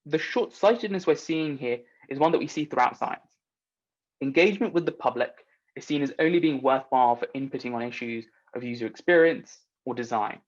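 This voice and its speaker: A man's voice: fairly high pitch, muffled recording. Earnest man giving a conference talk. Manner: earnest, persuasive, rhetorical asides. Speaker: conference speaker.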